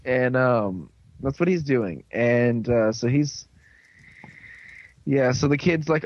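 A man's voice: medium pitch, expressive, takes it slowly, pauses often, no room sound, muffled recording. A man chatting casually, retelling a TV episode in a rambling way and slipping into characters' lines. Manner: rambling, dips into quoted voices. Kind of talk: casual chat, recapping a TV episode.

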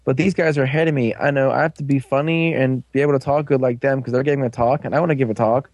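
A man's voice: medium pitch, steady tone, fast talker, darkish tone, no echo, natural voice. A man putting on the voice of an eager, boastful young blogger who lives as a drifter, quoting him while he retells a show.

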